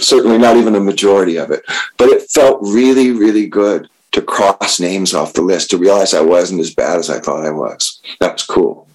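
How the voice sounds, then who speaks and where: A man with a very low, husky voice tells his own story, candid and halting. He pauses often and pokes fun at himself, in the unpolished way of personal storytelling talk. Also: low-quality recording. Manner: candid, halting, self-deprecating. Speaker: speaker sharing recovery story.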